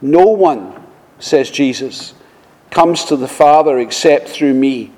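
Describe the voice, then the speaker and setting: A man preaching a sermon, speaking slowly and measuredly, often quoting scripture. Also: medium pitch, mellow. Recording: long reverb of a large hall.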